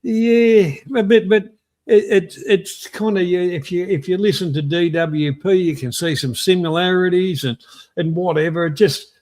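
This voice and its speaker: A man's voice: high voice, steady tone, moderate pace, a little mellow. An English man hosting a casual live stream, talking with hesitant restarts and greeting viewers in the chat. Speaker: stream host.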